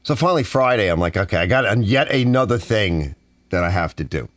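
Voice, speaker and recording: Man, from the US, ranting, exasperated, lively swings in pitch, dry studio sound. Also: fairly quick, no echo. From United States. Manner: exasperated, animated complaining with softened swearing. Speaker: channel host. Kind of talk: ranting casual monologue. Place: home garage studio.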